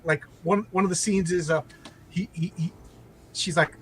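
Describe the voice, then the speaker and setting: Rambling, animated man recounting a show. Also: high voice, moderate pace, low-quality recording. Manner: rambling, animated retelling with many restarts and acted-out quotes. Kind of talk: casual chat. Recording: faint background noise.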